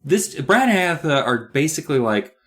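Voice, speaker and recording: A man's voice: fairly high pitch, sing-song, fairly quick, fairly bright tone. A man co-hosting a podcast, recapping a book with rambling, joking asides. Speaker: podcast co-host. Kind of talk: casual comedic book recap.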